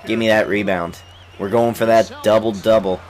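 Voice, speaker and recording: A young man giving casual, excitable let's-play commentary on a basketball game, coughing now and then while getting over an illness and trash-talking the players on screen. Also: on the low side, normal speed. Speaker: gaming YouTuber.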